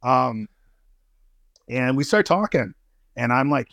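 A man's voice: medium pitch, measured pace, vocal fry, a bit bright, no echo. A man as a podcast guest in casual interview chat, slangy and profane, with many fillers and restarts. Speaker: podcast guest, intelligence analyst.

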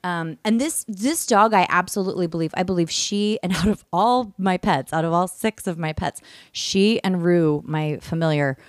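A woman telling a story in casual podcast chat, lively and swearing freely, acting out what she said back then. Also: lowish voice, moderate pace, no echo, clean studio sound. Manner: animated, swears freely, acts out her own screams and quotes.

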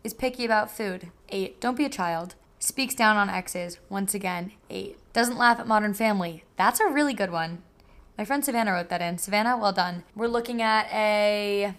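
Wry young woman rating dating red flags. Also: medium pitch. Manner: quick, wry, deadpan verdicts. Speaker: podcast host. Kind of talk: casual solo podcast, rating listener submissions.

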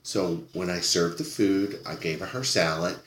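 Guy with a lowish voice telling a restaurant story, acts out the people, swears a lot, echoey room. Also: fairly even intonation, normal speed, a bit bright, slight background noise. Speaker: podcast guest, former restaurant server. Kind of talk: casual storytelling.

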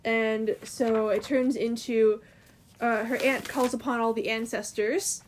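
A woman's voice: a little high, steady tone, unhurried, a little hiss or hum. A woman in casual chat, retelling a comic's story in a loose, filler-heavy way full of "like" and "um".

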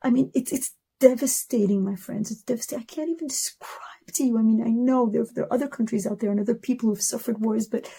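A woman's voice: fairly high pitch, fast talker, few pauses, mellow, breathy edge. A woman in her thirties giving an emotional personal testimony in a video message, talking with passion and stacking repeated words into rising lists.

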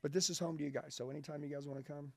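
Gravelly, blunt, profane man. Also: on the high side, fairly even intonation, rapid-fire, dry recording. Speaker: sales trainer, guest. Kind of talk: intense motivational interview talk.

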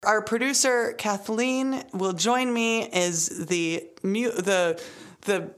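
A woman's voice: medium pitch, slow pace, clear, resonant tone. An American woman hosting a podcast in a playful, teasing way. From United States. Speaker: podcast host. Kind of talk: casual chat.

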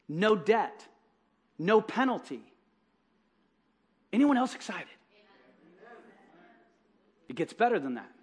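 A male pastor delivers a lively sermon in a notably high voice. He talks with energy and emphasis, punching some words loudly and dropping others to a near hush. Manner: energetic, emphatic, swings between loud bursts and soft asides.

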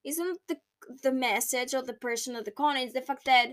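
A young woman with a high, bright-pitched voice hosts her own podcast. She talks in a loose, rambling, emotional way, laughing and swearing as she goes. The sound is close and dry, with no room around it. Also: brisk, dry recording. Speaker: podcast host. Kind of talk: personal podcast, casual and emotional.

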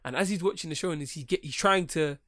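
A man with a slightly raised pitch tells a sprawling story in casual podcast chat. He talks in an animated, rambling way and swears freely. The recording is dry and close. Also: fast, dry recording. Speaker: podcast co-host.

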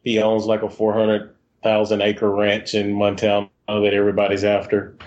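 A man's voice: fairly low pitch, completely flat delivery, normal speed, a little mellow, muffled recording. A man co-hosting a podcast, telling stories in a rambling, chatty way. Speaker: podcast co-host. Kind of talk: casual podcast chat.

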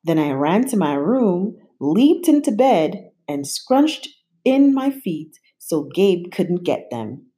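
A woman reading a bedtime picture book aloud, slow and unhurried. Her voice rises and falls a lot, lively and expressive as she tells the story. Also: lowish voice.

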